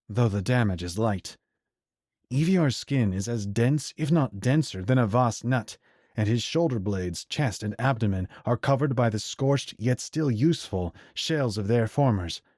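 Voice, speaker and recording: A man narrating a fantasy audiobook in a measured, even storytelling voice. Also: lowish voice, no room sound, clean studio sound.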